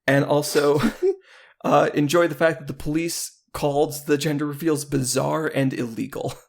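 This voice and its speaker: Male co-host with a creaky, fry-heavy voice; playful, rambling banter. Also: on the high side, fairly even intonation, normal speed. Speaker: podcast co-host. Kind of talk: casual podcast chat.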